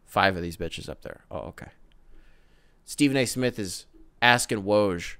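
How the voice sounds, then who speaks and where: A man hosting a casual solo sports podcast, ranting in a profane, animated way with mocking asides. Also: fairly low pitch, measured pace, clean tone, no echo. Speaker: podcast host.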